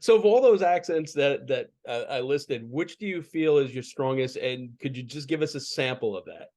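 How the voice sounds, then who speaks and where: Guy hosting an interview, friendly and chatty, average pitch. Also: lively intonation, moderate pace, a little mellow. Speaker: sports talk show host. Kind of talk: conversational interviewing.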